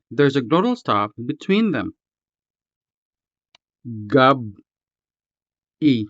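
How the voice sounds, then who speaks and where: A man teaching a language lesson, reading a script slowly and carefully, spelling out each syllable. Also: mid-range voice, a bit bright, no echo, highs cut off. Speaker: language tutor.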